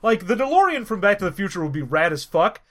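A man co-hosting a podcast in joking, animated casual chat. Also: high-pitched, fast talker. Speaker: podcast co-host.

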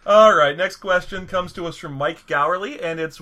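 A man's voice: high voice, normal speed, hardly any pauses, bright, forceful tone. A man co-hosting a podcast in crude, joking, opinionated casual chat. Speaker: podcast co-host.

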